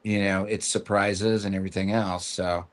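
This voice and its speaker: Guy hosting a stream from a hotel room, kinda low voice, lots of uhs and ums, stops and starts. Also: level tone. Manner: halting, many fillers and restarts. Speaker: podcast host. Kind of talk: casual chat.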